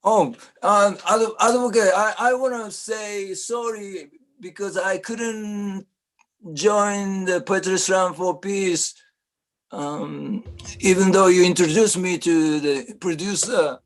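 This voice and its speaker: A man's voice: high voice, steady tone, slow. A man, speaking hesitantly with many fillers before performing a poem at an open mic. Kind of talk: spoken word poetry.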